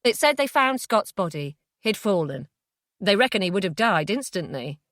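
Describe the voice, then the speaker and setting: A woman reading an audiobook, voicing a calm, smug, manipulative ex-boyfriend. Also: medium pitch, moderate pace, no room sound, clean studio sound. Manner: coolly manipulative, quietly self-satisfied. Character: obsessive controlling ex-boyfriend, man, calm and smug. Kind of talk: audiobook character voice.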